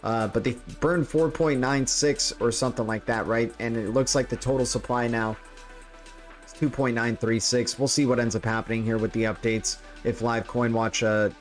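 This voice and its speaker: Joking, rambling livestream host, a man. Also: medium pitch. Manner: joking, rambling, many restarts. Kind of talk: casual crypto livestream chat.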